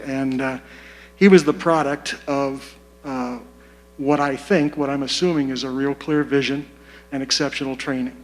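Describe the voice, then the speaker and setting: A man speaking at a community forum, deliberate and measured, repeating his key points. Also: mid-range voice, rough recording. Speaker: community meeting participant. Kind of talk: public comment at a community forum. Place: meeting room.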